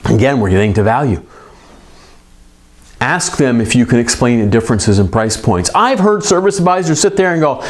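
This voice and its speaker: A middle-aged man coaching repair shop owners in an emphatic, conversational way with quick asides. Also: mid-range voice, lively intonation. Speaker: business coach for repair shops.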